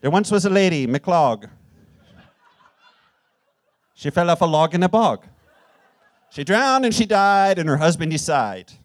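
A cheeky, grandiose Irish poet, played by a man on a live comedy stage, with an Irish accent and a slightly high voice. He boasts and jokes, then drops into heavy, ponderous declaiming. The sound is close and dry. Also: big pitch swings, unhurried, pauses often, no echo. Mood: jovial, boastful. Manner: jovial boasting, ponderous solemn recitation. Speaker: guest. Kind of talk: live comedic character performance.

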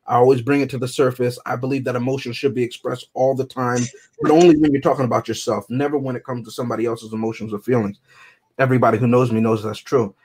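A man co-hosting a podcast in casual chat, animated and joking with exaggerated outbursts. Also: mid-range voice, quick pace, breathy edge. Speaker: podcast co-host.

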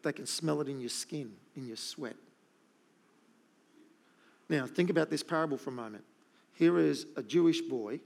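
A man's voice: a little high, normal speed, vocal fry, pauses often, a little mellow. A middle-aged man preaching a sermon, emphatic and repeating his key points. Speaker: pastor.

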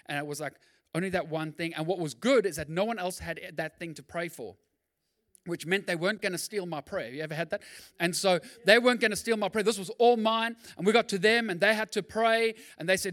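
Man, pastor, lively sermon, high voice, loud then hushed, church hall. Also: fast talker. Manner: conversational preaching, swings between loud and hushed.

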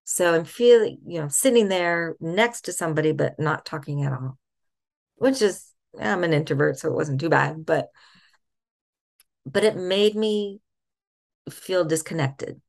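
A middle-aged woman with a low, slightly gravelly voice shares a personal faith story as a podcast guest. She is soft-spoken and reflective, stopping now and then to find her words. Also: measured pace.

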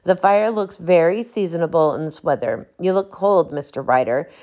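A woman voicing a calm, shrewd gentleman detective who speaks in a bland, smooth and assured way. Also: on the low side, moderate pace, lightly acted. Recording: dull lo-fi audiobook recording.

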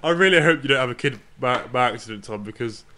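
A man's voice: expressive, fast talker, sharp tone. A young man co-hosting a casual podcast chat, teasing and giggly. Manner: giggly, teasing, bursts into high laughter. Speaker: podcast co-host.

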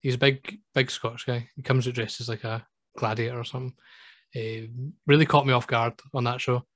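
A man co-hosts a casual podcast at an ordinary pitch, rambling through stories and checking in with "right?". His voice sounds dry and close. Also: little pitch movement, a little fast, a bit bright, no room sound. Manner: rambling storyteller, peppers talk with "right?" and "um". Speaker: podcast co-host. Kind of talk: casual chat.

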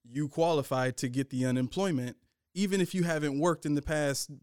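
A man's voice: a little high, darkish tone, clear, resonant tone, dry recording, clean studio sound. A man co-hosting a faith talk show, speaking casually with frequent restarts. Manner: halting, many restarts, conversational. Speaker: co-host. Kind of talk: casual discussion.

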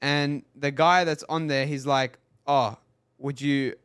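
A young man co-hosts a casual podcast chat. He tells stories with lots of laughter, and his voice sits a little high. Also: steady tone, slow, fairly bright tone, clean tone. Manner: storytelling, laughs often. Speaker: podcast co-host.

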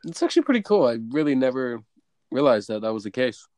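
A man's voice: mid-range voice, big pitch swings, fast, a little mellow, no room sound. A man in his twenties hosting a podcast, teasing his co-host with mock outrage in casual banter.

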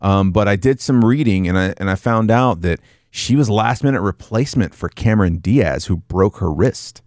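A man's voice: on the low side, normal speed, darkish tone, no echo, studio quality. A man chatting casually about a movie as a podcast co-host, rambling loosely and swearing freely.

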